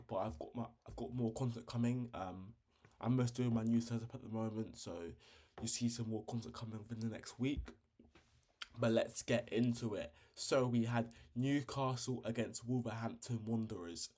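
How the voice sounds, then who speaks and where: A man hosting a casual football review, blunt and slangy, with fired-up opinions and frequent pauses. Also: mid-range voice, a little mellow. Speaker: football channel host.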